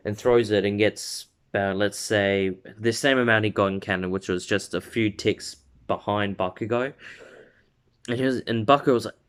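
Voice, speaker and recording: A man's voice: lowish voice, fairly even intonation, moderate pace, fairly bright tone, smooth. A man casually retelling a fan story, rambling with fillers, stumbles and laughs.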